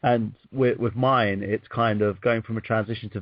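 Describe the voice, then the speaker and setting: A man's voice: lowish voice, fairly even intonation, moderate pace, muffled recording. A man hosting a casual movie podcast, rambling with many restarts. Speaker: podcast host. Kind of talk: casual chat.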